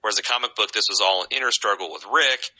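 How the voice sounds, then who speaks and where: A man with a fairly low voice and a very bright, forceful tone. He co-hosts a podcast in a casual, opinionated way and reads listener comments aloud. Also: fast, rough recording. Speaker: podcast co-host. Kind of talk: casual chat.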